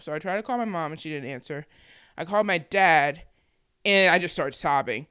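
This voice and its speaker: Twenty-something woman vlogging her story, smooth clear voice, dry close mic, lots of "like". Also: on the low side, lively intonation, brisk, a bit bright, no echo. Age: 20s. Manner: candid, conversational, many "like" fillers. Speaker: vlogger and podcaster. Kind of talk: personal storytelling to camera.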